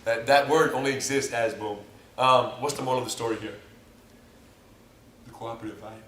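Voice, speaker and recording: A man's voice: medium pitch, a little fast, a little hiss or hum. A man from the United States, a jiu-jitsu instructor, chatting casually and acting out scenarios with jokes. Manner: animated, jokey, acts out scenarios. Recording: echoey room, mic at a distance.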